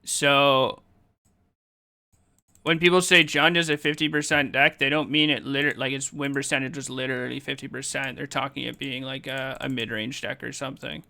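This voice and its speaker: A male streamer answering his chat while playing a card game, quick and argumentative. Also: medium pitch, level tone, gravelly, bright, forceful tone.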